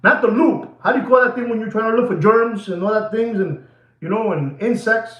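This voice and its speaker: A man with a high voice speaks fairly quickly over a muffled recording with a roomy echo. He hosts a watch channel and rants theatrically to his viewers, excitable and dramatic, slipping into asides in Spanish.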